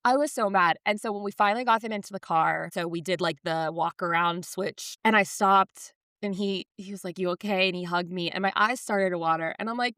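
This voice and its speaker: A woman in her thirties co-hosting a podcast, telling parenting stories in a casual, animated way and acting out the lines of others. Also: medium pitch, moderate pace, dry recording, studio quality. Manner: animated storytelling, acts out quotes. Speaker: podcast co-host.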